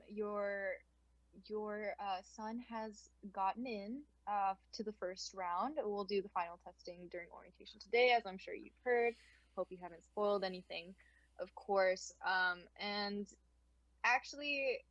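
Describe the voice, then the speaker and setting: A woman's voice: medium pitch, a little slow, fairly bright tone, no echo, highs cut off, close to an everyday voice. A woman voicing a posh, formal older male wizard teacher who talks with stiff, stammering politeness. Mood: businesslike.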